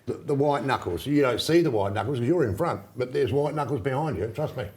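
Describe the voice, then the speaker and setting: An Australian man co-hosting a sports show, chiming in with blunt, joking asides. His voice has a mellow, dark timbre at an ordinary pitch. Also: quick pace. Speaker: co-host.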